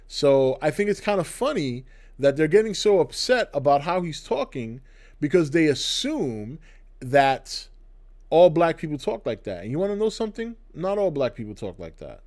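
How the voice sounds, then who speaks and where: A man's voice: on the high side, a little mellow. A middle-aged man hosting his own video channel, giving a blunt, sarcastic opinion rant to the camera. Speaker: channel host. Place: indoors, to camera.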